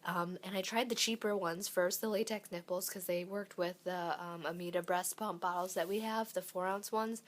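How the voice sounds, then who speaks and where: A young mother who vlogs about parenting gives a casual update while sick and losing her voice, chatty and full of ums and likes. Her voice is on the low side with fairly even intonation, a moderate pace and few pauses. It's filmed on a shaky handheld camera.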